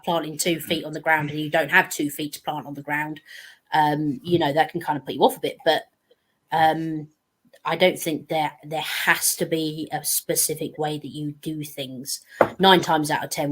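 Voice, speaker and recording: Woman, panel guest, deep for a woman, rambling and self-mocking. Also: flat delivery, normal speed. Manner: chatty and meandering, self-deprecating. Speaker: guest speaker. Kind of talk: casual panel discussion.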